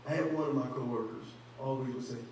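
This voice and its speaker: A man's voice: mid-range voice, fast, a little mellow. A man preaching a sermon as pastor, building emphasis and acting out conversations. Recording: very echoey hall, mic far off, faint hum.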